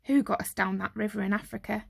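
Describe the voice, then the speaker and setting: A woman's voice: mid-range voice, steady tone, fast, vocal fry, slightly rough. A woman voicing a boastful, grumbling young boy in a storybook reading. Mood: bickering.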